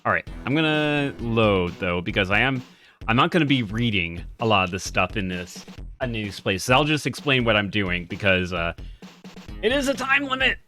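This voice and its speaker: A man's voice: lowish voice, sing-song, moderate pace, bright, forceful tone, soft background music. A man giving casual gameplay commentary, chatty and often laughing, reading game text aloud as he plays. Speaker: game streamer.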